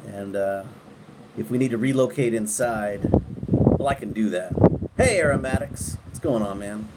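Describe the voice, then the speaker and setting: A middle-aged man hosting a casual live stream at night, talking to viewers in a relaxed, rambling way and often restarting his sentences. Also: fairly low pitch, moderate pace. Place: outdoors at night, windy, on a porch. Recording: wind noise on the mic outdoors.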